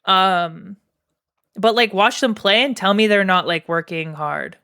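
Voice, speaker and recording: Slow-talking Canadian woman streamer. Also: medium pitch, sharp tone, clean tone. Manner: frank, profane, many fillers and asides to chat. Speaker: streamer ranking game characters. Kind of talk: casual live-stream commentary.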